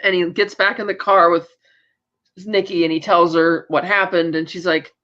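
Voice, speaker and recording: Over dull audio, a woman with a fairly low pitch and steady tone speaks at a moderate pace, sounding pushed and bright. She co-hosts a podcast, casually recapping TV episodes with rambling talk, frequent fillers and quoted snippets.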